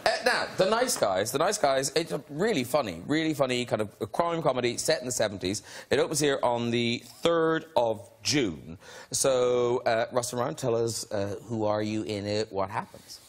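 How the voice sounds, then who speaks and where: A man hosting a talk show, chatty and quick to laugh as he questions guests. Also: medium pitch, lively intonation.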